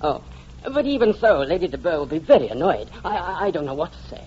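A man's voice: fairly high pitch, big pitch swings, quick pace, a little mellow, slight background noise. An actor playing a fussy, fawning male clergyman cousin who frets and stammers, in a radio play on a dull lo-fi recording. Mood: flustered. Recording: dull lo-fi sound.

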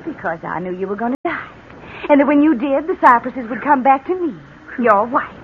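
Vengeful mocking wife, 1940s radio drama, thin tinny broadcast sound. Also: female voice, high-pitched. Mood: menacing. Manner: calm, taunting, slow and deliberate. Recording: tinny old radio broadcast, faint hiss.

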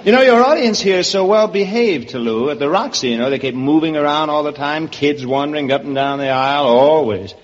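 A man playing a guest on a scripted radio comedy, quick and joking. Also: on the high side. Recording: dull old radio broadcast with hiss and theater reverb.

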